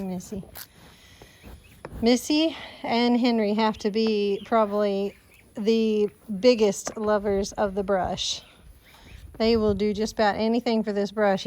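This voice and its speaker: A woman with a Southern US accent talking casually for a farm vlog, often slipping into soft baby talk with her animals outdoors. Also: a little high, a little hiss or hum. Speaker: farm vlogger. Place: outdoors on a farm with goats and chickens.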